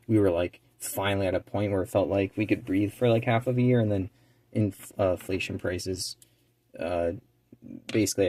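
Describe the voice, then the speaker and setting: A man chatting casually and rambling with lots of fillers while he works on a small craft task. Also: low-pitched. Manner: rambling, relaxed, many fillers; drops to a quiet near-whisper while focusing. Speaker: eBay reseller and channel co-host.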